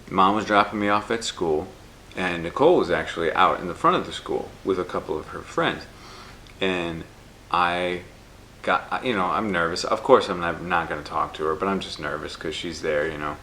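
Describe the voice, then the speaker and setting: A young man, a YouTube creator on a couch at home, chatting casually with his wife and telling an animated story. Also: sits low, normal speed. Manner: rambling storyteller, animated when retelling. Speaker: YouTuber, co-host. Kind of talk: casual couple Q&A chat. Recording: echoey room, faint background hiss.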